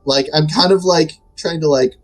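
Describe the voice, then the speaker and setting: A man's voice: fairly high pitch, moderate pace, soft background music. A man playing a tabletop game, joking and rambling casually in character. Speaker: player.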